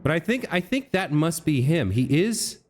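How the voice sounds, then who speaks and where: A man's voice: on the high side, very animated, moderate pace. A man hosting a let's play, thinking aloud as he reasons through a puzzle, often correcting himself and talking to the figures on screen. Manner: musing, self-correcting, talks to on-screen figures. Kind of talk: thinking aloud while gaming.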